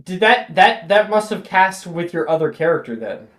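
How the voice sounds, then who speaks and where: A game master running a tabletop role-playing game, unhurried and playful, reacting with delight to the players. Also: medium pitch, expressive, a bit bright.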